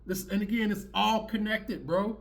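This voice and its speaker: A man's voice: sits high, normal speed, vocal fry. A man hosting his own channel, reacting to clips in a preachy, rambling rant that circles back on itself. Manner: preachy, rambling, repeats himself. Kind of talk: ranting commentary.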